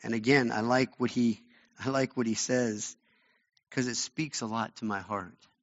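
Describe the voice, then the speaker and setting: A man's voice: mid-range voice, steady tone, a little slow, fairly bright tone. A male pastor preaching a sermon, retelling a Bible story in an earnest, conversational way. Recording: dull lo-fi recording.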